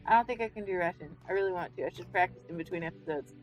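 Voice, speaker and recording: A woman's voice: fairly low pitch, very fast, faint music behind, low-quality recording. A woman co-hosting a casual comedy show, joking and self-deprecating. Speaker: co-host. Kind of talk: casual chat.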